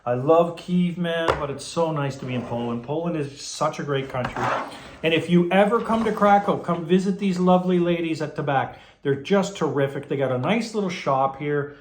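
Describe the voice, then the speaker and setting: Man, tired and hoarse, chatty and rambling; reverberant room, faint hiss. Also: a little high, moderate pace. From Canada. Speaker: pipe tobacco vlogger. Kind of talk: casual vlog chat.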